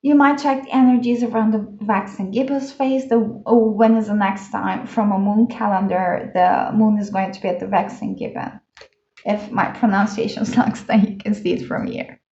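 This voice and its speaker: A woman's voice: mid-range voice, steady tone, moderate pace, warm tone. A woman giving a casual pick-a-card tarot reading, chatty and enthusiastic, with lots of "uh" and "like" fillers. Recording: echoey room, dull lo-fi sound.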